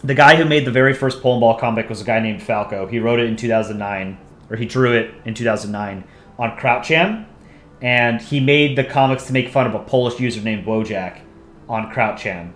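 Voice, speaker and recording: A man's voice: mid-range voice, a little fast, a bit bright, slight background noise. Young American man, casual stream host, rambling, chatty, room echo. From United States. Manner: rambling, chatty, reads viewer comments aloud. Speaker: channel host on a livestream. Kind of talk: casual livestream chat.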